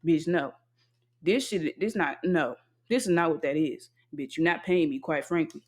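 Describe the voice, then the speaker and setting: A young adult podcast host venting alone in a casual monologue, blunt and heavily profane, hammering home flat refusals. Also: medium pitch, normal speed.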